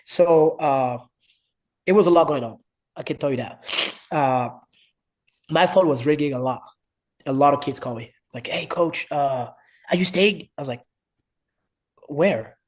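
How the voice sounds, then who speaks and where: A man's voice: fairly high pitch, unhurried, pauses often. A man in his thirties from France with a French accent, a wrestling coach telling a story as a podcast guest, animating the quoted voices in broken English. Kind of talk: casual interview storytelling.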